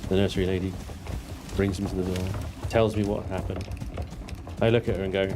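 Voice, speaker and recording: A man's voice: low voice, little pitch movement, brisk, long pauses, over music. A man in his thirties, chatting casually and swearing freely as he streams a game and answers chat. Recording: clear background noise.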